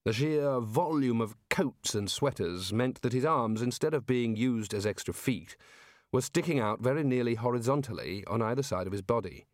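A man narrating a comic fantasy audiobook in a measured, deadpan way. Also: medium pitch, no echo, studio quality.

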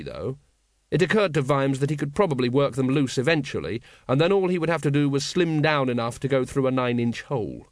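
A man's voice: medium pitch, no echo. Man narrating an audiobook, dry and wry. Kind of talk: scripted narration.

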